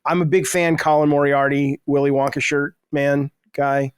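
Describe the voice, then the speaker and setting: A middle-aged man talks loosely as a podcast guest, rambling and self-deprecating, always ready to jump in. His voice sits a little high for a man. The sound is dry and close. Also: flat delivery, moderate pace, clear, resonant tone, no room sound. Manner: talkative, self-deprecating, prone to interrupting. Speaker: guest, game designer. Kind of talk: casual podcast chat.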